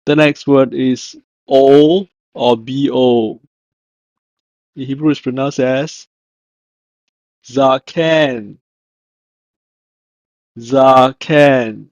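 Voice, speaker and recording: A man gives a recorded language lesson at a very slow, measured pace, pausing to repeat each word with care. The sound is dry and dull, like lo-fi audio with no room echo. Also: medium pitch, fairly even intonation, warm tone. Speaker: language teacher.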